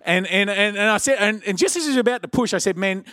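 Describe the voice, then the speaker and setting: A man preaching a sermon, telling a personal story in an animated way. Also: quick pace, no echo, studio quality. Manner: animated, acts out quotes with shouted high voices.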